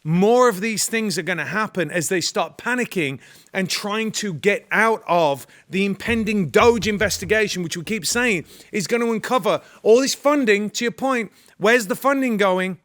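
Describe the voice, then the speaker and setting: Forceful, high-voiced male commentator. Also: moderate pace. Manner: forceful, rallying. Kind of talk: casual political chat.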